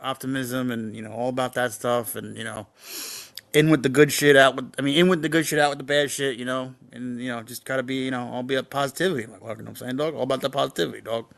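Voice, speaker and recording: A man's voice: medium pitch, fairly even intonation, fast talker, vocal fry, a bit bright. A young man co-hosting a podcast, chatting loosely with many fillers and swear words. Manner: rambling, swears freely, lots of fillers. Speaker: podcast co-host. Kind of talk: casual banter.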